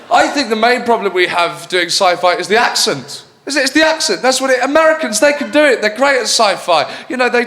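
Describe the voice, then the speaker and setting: A man's voice: high voice, pushed and bright. A man with an English accent doing a rambling, self-deprecating stand-up set on stage, talking into a handheld mic. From England. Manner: rambling, self-deprecating, puts on silly voices. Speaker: stand-up comedian. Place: comedy theatre stage before a live audience. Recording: echoey theatre with audience noise.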